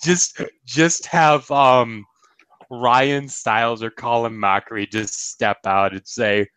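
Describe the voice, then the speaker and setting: Slow, laughing young man reviewer. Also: mid-range voice, fairly bright tone, dry recording, poor audio. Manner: laughs often, quotes comedy lines. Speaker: podcast co-host reviewing a cartoon episode. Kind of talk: casual chat.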